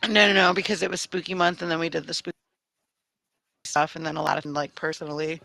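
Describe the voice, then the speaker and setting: Bright, gravelly woman co-host. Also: low voice, quick pace, dry recording, poor audio. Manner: animated storyteller who acts out quotes, laughs often. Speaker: podcast co-host. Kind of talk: casual chat.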